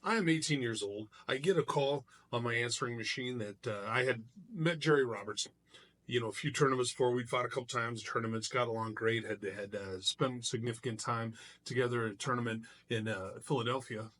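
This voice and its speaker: A middle-aged man, a martial artist, telling a personal story in a casual vlog, animated and loose with frequent restarts. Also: medium pitch, brisk.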